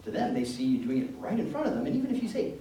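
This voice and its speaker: A man giving an educational talk to parents, telling anecdotes in an animated, joking way. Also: medium pitch, rapid-fire. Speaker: presenter speaking to parents. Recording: echoey room from far off, faint background noise.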